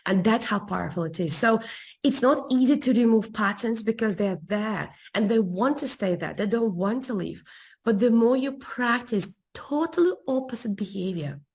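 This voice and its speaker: A woman coach recounting a personal story to an interviewer with expressive, emphatic repetition. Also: fairly high pitch, normal speed, husky. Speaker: guest relationship coach.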